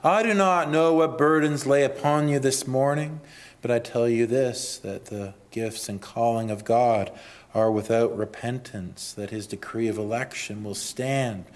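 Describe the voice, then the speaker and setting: A man preaching a sermon. He builds to loud emphatic peaks, then drops low and quiet, and reads scripture and creeds in a measured cadence.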